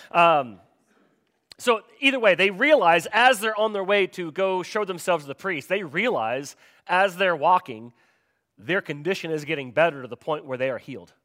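Guy preaching a sermon, kinda high voice, talks like a chat, keeps asking the crowd stuff. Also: fairly bright tone. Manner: conversational, asks the congregation questions. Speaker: pastor.

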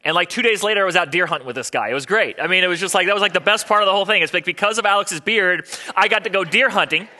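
Fast, bright-voiced male pastor. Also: high voice. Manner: chatty, storytelling, quotes people in voices. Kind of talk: sermon with personal stories.

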